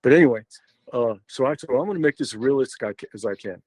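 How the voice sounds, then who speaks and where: An older man with a drawl tells a story as a podcast guest, wandering through it with fillers, restarts and asides. His voice sits at an ordinary middle pitch. The sound is close and dry, with no room around it. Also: lively intonation, racing, darkish tone, no echo, low-quality recording. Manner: rambling, many fillers and restarts. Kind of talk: casual storytelling.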